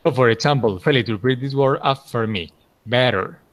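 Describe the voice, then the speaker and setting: A male English teacher leads a pronunciation drill in a mid-range voice. He is encouraging and praises often, then sounds words out slowly for the class to repeat. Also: mid-range voice, no room sound.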